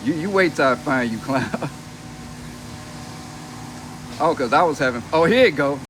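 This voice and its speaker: A man's voice: on the high side, expressive, unhurried, background noise. A young man on a casual livestream, reading comments aloud and mocking them in a brash, profane way, laughing between lines. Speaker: reality TV personality reading comments on a live stream.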